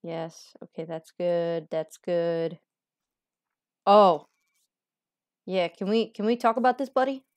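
A woman's voice: lowish voice, fairly even intonation, slow pace, long pauses, no room sound. A woman playing a video game and chatting casually, joking and reading game text aloud. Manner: joking, reads game text aloud, sudden playful voices. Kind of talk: casual let's-play commentary.

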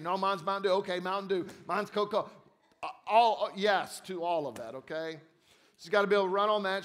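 A man at church reading a story aloud to the congregation, animated at times and growing soft and quiet. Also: high-pitched. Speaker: church speaker.

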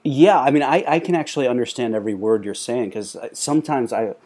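A man's voice: mid-range voice, quick pace, darkish tone, breathy edge. A man hosting an interview, asking easygoing, hesitant questions with lots of fillers. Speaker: host.

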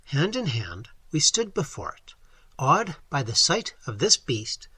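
A man's voice: on the high side, huge pitch swings, measured pace, bright, forceful tone, breathy edge, dry recording. A man reading a story aloud as audiobook narrator, telling it expressively. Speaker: audiobook reader. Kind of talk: scripted narration.

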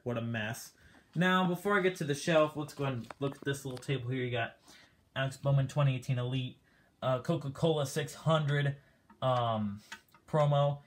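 A man's voice: medium pitch, a little hiss or hum. A man casually walking through his diecast car collection, rambling with lots of fillers and a bit out of breath.

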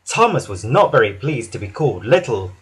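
A man narrating a children's storybook in an expressive read-aloud way, with some restarts. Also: medium pitch, brisk, husky.

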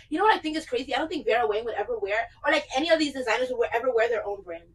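A woman's voice: fairly high pitch, expressive, very fast, few pauses, husky, low-quality recording. A young woman chatting casually and playfully in a clothing try-on vlog, with joking asides. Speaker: vlogger.

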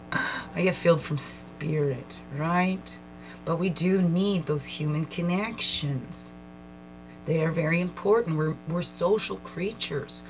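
A woman reading oracle cards aloud as a spiritual guide, slowly repeating lines and musing in asides. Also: fairly low pitch, a little hiss or hum, low-quality recording. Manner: slow, reflective, repeats lines aloud, soft laughs and asides.

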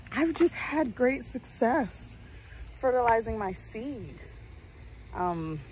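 A woman's voice: medium pitch, a little hiss or hum, low-quality recording. A woman chatting casually as she walks through her home garden outdoors, folksy and full of ums. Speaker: homestead vlogger.

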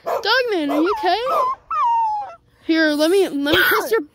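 A woman's voice: very high voice, animated, normal speed, noisy background. A woman voicing a young dog owner who chats and guesses in a rambling, puzzled way, in a fan plush video.

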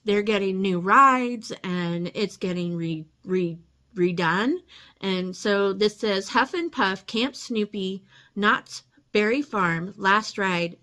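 A woman's voice: medium pitch, a bit bright. A woman hosting a casual unboxing vlog, gushing and emotional, teary and laughing often as she talks. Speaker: channel host.

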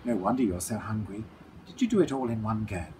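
A man's voice: on the low side, animated, a little fast, warm tone, slight background noise, lightly acted, rough recording. Man playing an eager impressed storybook kid.

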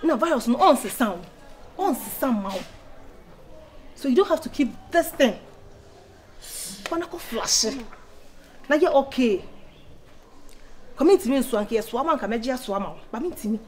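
A woman in casual chat, talking insistently and pushing hard, her voice climbing loud when she presses a point. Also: fairly high pitch, animated, moderate pace, long pauses, slight background noise. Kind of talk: casual chat mixing pidgin and Twi.

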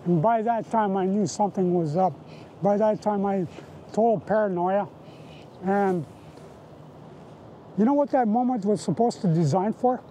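A man's voice: sits high, a little slow, long pauses, warm tone, a little hiss or hum, low-quality recording. A Canadian man giving personal testimony in a documentary interview, retelling the past in vivid present tense with repeated phrases. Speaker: residential school survivor.

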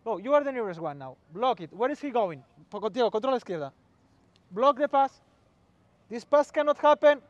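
High-voiced man coaching on a pitch. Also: animated, brisk, dry recording, dull audio. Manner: short commands, calls out to players, mixes in Spanish. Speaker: football coach. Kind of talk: on-field coaching demonstration.

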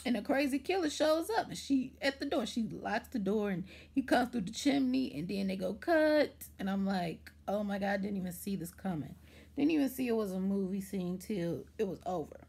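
Woman vlogger, husky breathy tone, rambling chatty recap, mid-range pitch. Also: normal speed. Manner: chatty, rambling, lots of "like" and "anywho"; animated retelling with acted-out quotes. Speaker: TV show reviewer. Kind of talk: casual episode recap vlog.

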